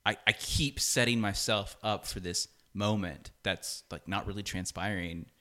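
A man's voice: on the low side, a little slow. A young man, a music producer, talking as a guest in a casual conversation, full of "like" and acting out what people said. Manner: animated, fills speech with "like", acts out quoted dialogue.

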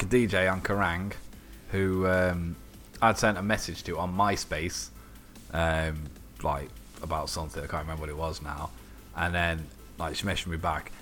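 Man, low deep voice, casual podcast chat, animated storyteller, swears a lot, faint music behind. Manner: swears freely, animated anecdotes, acts out quoted voices.

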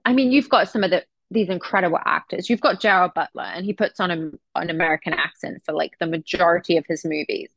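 A woman's voice: lowish voice, fast, vocal fry, hardly any pauses, no room sound. A young adult woman from England with an English accent, a guest actress talking casually and chattily in an interview. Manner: relaxed, chatty, with frequent restarts.

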